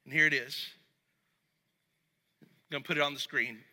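A man preaching a sermon as pastor, talking to the congregation conversationally and going soft and low when he reads scripture. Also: fairly even intonation, normal speed. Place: church sanctuary. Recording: long reverb of a large hall.

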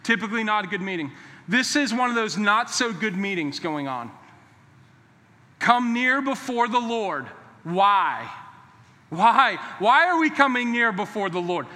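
A man's voice: sits high, animated, moderate pace, pushed and bright. A male pastor preaching a sermon in a church, emphatic and repetitive, with playful joking asides. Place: church sanctuary. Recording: long reverb of a large hall.

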